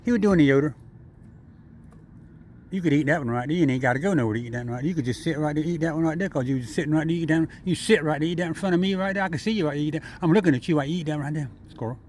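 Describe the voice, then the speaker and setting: A man chatting and coaxing a squirrel in his front yard, repeating himself in a relaxed, chuckling way. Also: fairly high pitch, rapid-fire, slight background noise. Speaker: vlogger feeding a squirrel. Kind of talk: casual talk to an animal.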